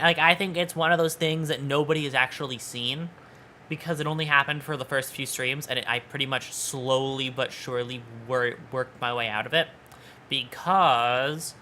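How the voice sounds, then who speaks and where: Quiet, bright-voiced woman streamer, playful and halting, faint hiss behind. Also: low-pitched. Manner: soft-spoken, quiet, never raises voice. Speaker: VTuber streamer. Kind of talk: casual livestream chat. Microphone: desk microphone.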